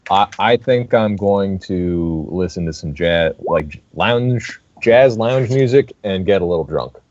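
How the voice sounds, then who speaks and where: Deep-voiced man chatting on a call. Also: lively intonation, unhurried, darkish tone, no room sound, highs cut off. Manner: hesitant, stammering. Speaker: player. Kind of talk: casual chat in a tabletop game.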